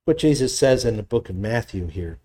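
A man's voice: medium pitch, lively intonation, brisk, dark tone. A man preaching a teaching sermon, explaining scripture word by word, with small restarts and rising emphasis when he reads verses aloud. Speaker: pastor. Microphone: presenting with slides on screen.

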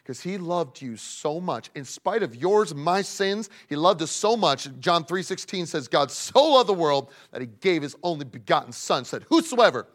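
A man preaching a sermon to young people, emphatic, swinging between loud pleading and hushed asides. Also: a little high, lively intonation, normal speed, few pauses. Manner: speaks directly to young people in the congregation.

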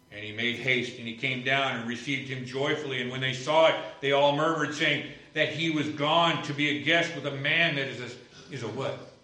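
A man preaching a sermon, telling stories and moving between hushed moments and loud exclamations. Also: mid-range voice, steady tone, moderate pace. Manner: storytelling, swings from hushed to exclaiming. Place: church sanctuary. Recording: echoey church from a distance.

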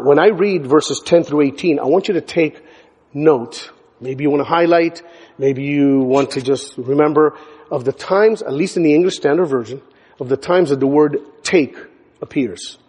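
A male pastor preaching a sermon, emphatic, hammering words through repetition and building to near shouts. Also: medium pitch, normal speed, breathy edge. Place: church sanctuary. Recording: church hall with long reverb.

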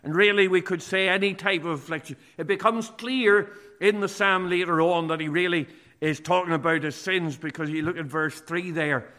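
A man preaching a sermon, speaking deliberately and reading scripture passages aloud. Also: sits high, sharp tone.

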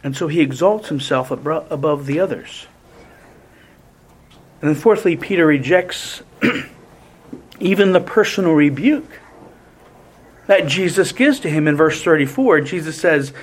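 A man preaching a sermon in a deliberate, emphatic way, often restarting his phrases. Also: a little high.

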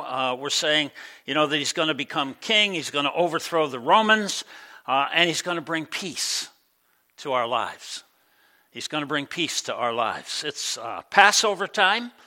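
Male preacher, higher and bright voice, chatty sermon delivery with loud and quiet swings. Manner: conversational preaching with many fillers, rising loud then dropping soft. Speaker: pastor. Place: church.

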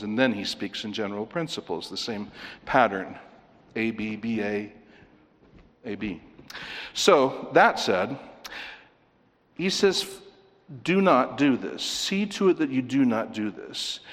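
A man preaching an expository sermon in an earnest, explaining way, asking rhetorical questions as he goes through a passage. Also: mid-range voice. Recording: long hall reverb.

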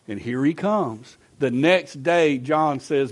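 High-voiced, slow-preaching pastor. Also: male voice. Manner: earnest preaching, swinging between low and raised emphasis; repeats himself in quick conversational asides. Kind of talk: sermon. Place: church sanctuary.

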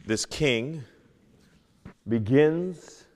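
A man teaching a Sunday school lesson, reading King James scripture aloud and moving between loud emphasis and hushed asides. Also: mid-range voice, animated, extremely slow, big-room sound. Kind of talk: Bible teaching, sermon. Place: church.

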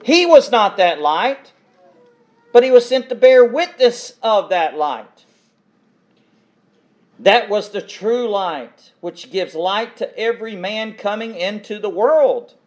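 High-voiced emphatic male preacher. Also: expressive, slow. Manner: emphatic, repeats phrases, reads verses then explains. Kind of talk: expository sermon reading scripture.

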